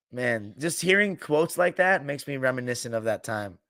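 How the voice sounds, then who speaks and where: A man's voice: medium pitch, lively intonation, moderate pace, sharp tone, no echo, clean studio sound. Casual, swearing man talking basketball. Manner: loose, joking, swears freely, mimics coaches. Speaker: podcast host. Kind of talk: casual sports talk, reading live chat.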